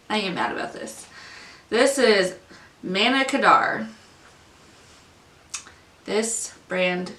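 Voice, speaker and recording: A woman's voice: medium pitch, bright, forceful tone, roomy sound, recorded from a distance, a little hiss or hum. A woman beauty vlogger ranting casually through an unboxing review, exasperated and full of fillers.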